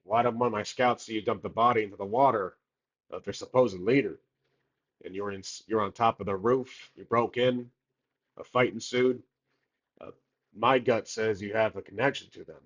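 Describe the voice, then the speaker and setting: A man's voice: fairly low pitch, steady tone, normal speed, dull audio, natural voice. A man voicing a suspicious, blunt male guard captain with a Southern accent, talking in a drawling, menacing way. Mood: threatening. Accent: American Southern.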